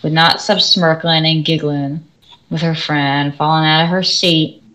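Animated woman telling a classroom story. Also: sits low, a little slow, rough recording. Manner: animated storytelling, swings loud and soft. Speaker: podcast co-host, school orchestra teacher. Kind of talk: casual podcast rant.

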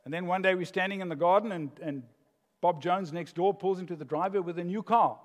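An older man preaching a sermon as pastor, an animated storyteller who laughs at his own jokes. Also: high-pitched, fast. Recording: long hall reverb.

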